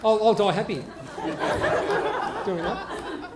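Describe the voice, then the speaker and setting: A man's voice: high-pitched, slow, over a noisy crowd. Chatty man telling jokes, echoey room. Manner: hesitant storyteller, restarts and fillers. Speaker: comedy show host. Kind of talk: casual joke telling. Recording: roomy echo, faint noise.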